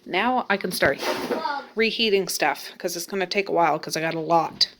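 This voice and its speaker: A woman's voice: fairly low pitch, moderate pace. Woman vlogger, chatty and laughing, home video with faint noise. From Nova Scotia, Canada. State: out of breath. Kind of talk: casual cooking vlog. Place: home kitchen and attic.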